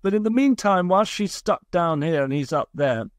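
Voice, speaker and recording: A man's voice: high voice, animated, normal speed, no echo, studio quality. A man, a guest scientist, explaining ideas in long, reassuring, flowing sentences. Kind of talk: explanatory podcast interview.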